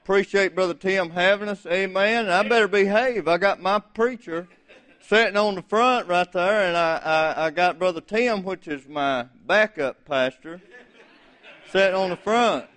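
A middle-aged man preaching a folksy, fervent sermon in a church, rising to shouts. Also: high voice, normal speed. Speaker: visiting preacher.

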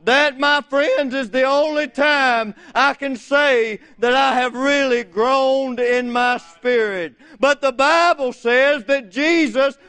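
A middle-aged man preaching a folksy, fervent sermon in a church, rising to shouts. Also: extremely high pitch, slow pace, hardly any pauses, clear, resonant tone. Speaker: visiting preacher.

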